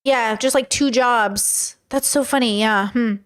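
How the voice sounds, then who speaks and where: A woman's voice: a little high, measured pace, clean tone. A young woman streaming, chatting casually and rambling in reaction to clips, full of fillers and swearing. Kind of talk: casual reaction chat to a live chat.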